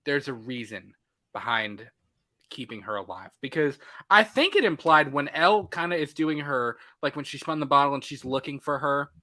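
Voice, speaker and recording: A man co-hosting a casual movie podcast, talking excitedly and acting out his own reactions. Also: mid-range voice, moderate pace. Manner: animated, excitable, acts out reactions. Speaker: podcast co-host. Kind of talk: casual movie review chat.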